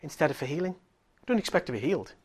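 A middle-aged man with a slightly raised voice tells a sermon story. He swings from hushed, near-whispered moments to loud, excited exclaiming. He is a lively preacher. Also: a little high, fast, breathy edge.

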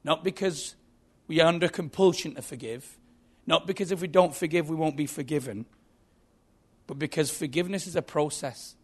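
A man's voice: on the high side, normal speed, husky. A man preaching a sermon, earnest and emphatic, telling a story.

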